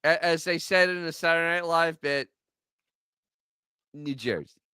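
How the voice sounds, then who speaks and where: A man from Staten Island talks in a rambling, sarcastic way, restarting his sentences often. His voice is bright and clear, and it moves up and down a lot. The recording is dry and close. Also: a little high, a little slow, no echo. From Staten Island, New York. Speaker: podcast co-host. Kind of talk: casual commentary chat.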